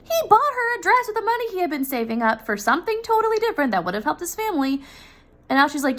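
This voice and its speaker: A woman's voice: very high-pitched, sing-song, fast, a bit bright. A woman casually retelling a classic story, chatty and openly opinionated about the characters.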